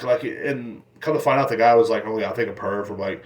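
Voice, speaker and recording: This young podcast host has a mid-range voice with fairly even intonation, and he talks fast with few pauses. Alone at the mic, he spins rambling, crude stories and chuckles at his own humor.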